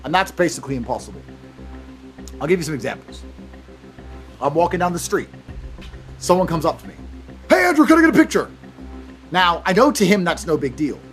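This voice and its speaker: A man's voice: on the high side, expressive, a little fast, long pauses. A man from England, telling a profane, blunt story and acting out both sides of each exchange. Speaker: motivational speaker. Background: faint music.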